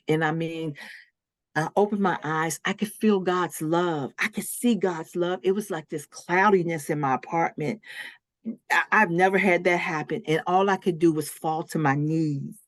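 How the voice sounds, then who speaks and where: In a clean studio recording with no echo, a woman with a low voice, a licensed minister, earnestly shares her personal testimony in an interview. She acts out her own past words, her voice rising suddenly.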